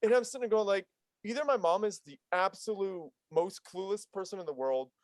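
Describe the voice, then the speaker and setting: A man's voice: high-pitched, fairly quick, dry recording. A man chatting casually as a podcast guest, a loose, playful storyteller who likes to joke, speaking into a studio mic at home. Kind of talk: casual chat. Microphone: studio dynamic mic at home.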